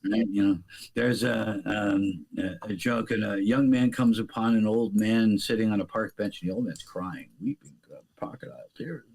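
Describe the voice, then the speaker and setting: A man on a podcast video call telling parables and jokes in a rambling, dramatic way, with long pauses. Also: fairly low pitch, creaky, a little mellow. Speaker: podcast guest. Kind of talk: casual conversation with storytelling.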